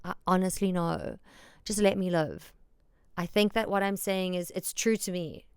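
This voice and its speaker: Frank and self-deprecating, this solo podcast host talks with emphasis, swears without holding back and frequently repeats herself. She speaks at a moderate pace with fairly even intonation in a fairly low, slightly mellow and resonant voice. The sound is clear, dry and clean, as from a studio.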